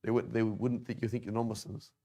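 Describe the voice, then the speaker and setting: A man's voice: on the low side, level tone, quick pace, dark tone. A man teaching an informal Arabic class, talking conversationally and tossing rhetorical questions at his students.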